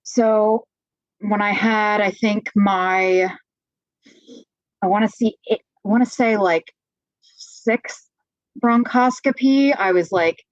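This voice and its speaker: A woman's voice: lowish voice, slow pace, dry recording. A woman from Pennsylvania, a podcast guest telling her own story frankly and with animation. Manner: frank, animated retelling, many fillers. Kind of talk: candid personal storytelling. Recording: slightly dull, dry lo-fi audio.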